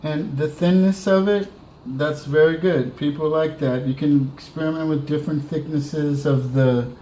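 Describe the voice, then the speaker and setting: A man giving a relaxed, chatty cooking demonstration, talking through each step as he works. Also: on the high side, moderate pace, roomy sound, slight background noise, poor audio. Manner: relaxed, chatty, talks while working. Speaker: cooking instructor.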